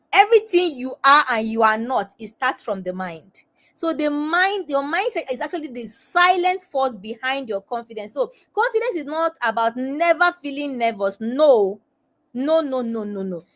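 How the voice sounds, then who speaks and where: A woman's voice: high voice, fairly bright tone. A woman hosting a live webinar as a confidence coach, talking straight to her viewers and repeating phrases for emphasis.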